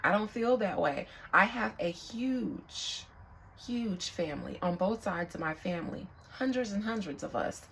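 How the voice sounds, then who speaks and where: A young woman speaking as a psychic reader in a casual, candid vlog monologue, reflective and quick to swear. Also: mid-range voice, lively intonation, creaky, a bit bright, slight background noise, rough recording.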